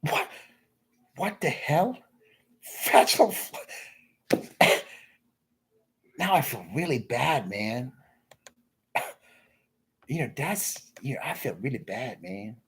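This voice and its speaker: Husky rambling man muttering to himself. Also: sing-song, takes it slowly, long pauses, fairly bright tone. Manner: mumbling, trailing off into low asides; crude, rambling, self-interrupting. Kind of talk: rambling off-the-cuff commentary.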